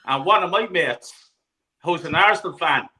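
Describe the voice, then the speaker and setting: Lively, bright-voiced Irish man telling stories. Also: on the high side, normal speed, low-quality recording. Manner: animated, swears freely, laughs mid-story. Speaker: host of a football panel. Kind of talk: casual chat, storytelling.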